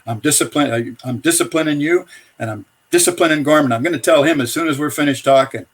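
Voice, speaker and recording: A man retelling the words of a blunt but affectionate male hockey coach in a lowered, quieter voice. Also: quick pace, lightly acted.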